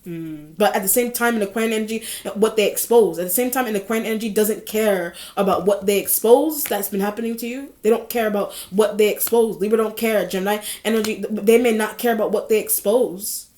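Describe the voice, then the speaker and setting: A woman's voice: medium pitch, a little fast, hardly any pauses, darkish tone. A woman giving a casual tarot reading, rambling and repeating herself with frequent small laughs. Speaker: tarot reader. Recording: echoey room.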